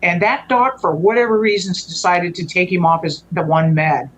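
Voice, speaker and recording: On a rough recording, a low-voiced woman speaking at a moderate pace relates a long personal story as a guest. Her delivery is earnest and conversational but rambling, with frequent restarts and self-corrections.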